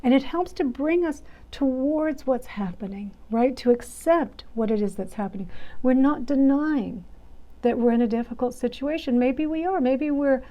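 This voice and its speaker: A woman teaching a meditation class in a conversational way, often checking in with "right?" and dropping into soft, soothing asides. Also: sits high, moderate pace, dull audio.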